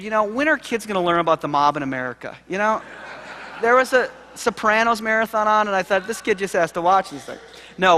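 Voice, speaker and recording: A man, a seminary professor, giving a keynote lecture, telling stories with animated, self-deprecating humor. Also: sits high. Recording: long hall reverb.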